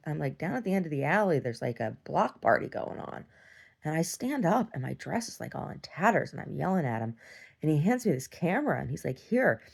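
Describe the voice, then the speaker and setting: A woman's voice: sits low, creaky, darkish tone, slightly rough. A young woman talking in a meandering video diary, full of "like"s, restarts and casual swearing. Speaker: video diarist. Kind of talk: rambling personal video diary.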